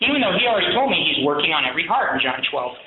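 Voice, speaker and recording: A pastor delivers a sermon in an earnest, conversational manner, often checking in with listeners through frequent "right?" asides. His voice is a little high, sing-song, and racing, and the recording sounds very echoey and thin, like a phone.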